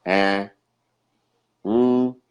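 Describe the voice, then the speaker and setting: A man's voice: on the low side, fairly even intonation, extremely slow, clean tone. A man giving an impassioned, preachy talk to other men, urging them to change and acting out other people's words along the way. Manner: preachy, urgent, mimics others mid-story. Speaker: speaker addressing African men. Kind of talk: impassioned exhortation with acted-out quotes.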